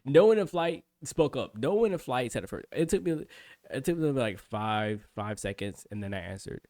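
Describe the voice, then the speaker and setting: Rambling, gravelly young streamer guy. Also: mid-range voice, animated, normal speed, a little mellow, dry recording, clean studio sound. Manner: rambling, profane, many restarts. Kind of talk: casual storytelling on a livestream.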